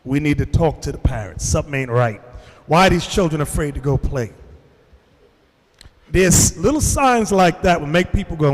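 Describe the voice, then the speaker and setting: A man's voice: fairly high pitch, in a large hall. A man preaching to a congregation, telling stories and addressing the room directly. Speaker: religious teacher. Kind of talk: sermon to a congregation.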